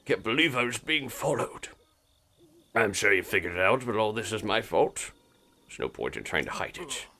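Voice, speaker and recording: A man's voice: lowish voice, very animated, moderate pace, pushed and bright, voice pushed up, heavily acted. A man voicing a remorseful middle-aged male villager confessing his past, reading a game's dialogue aloud in an earnest tone.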